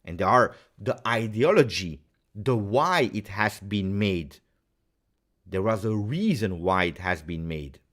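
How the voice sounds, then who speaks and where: A man's voice: fairly low pitch, expressive, slow pace, a bit bright. A man with as his hosting a casual pregame football talk, emphatic and angry, repeating phrases for stress. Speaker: football channel host.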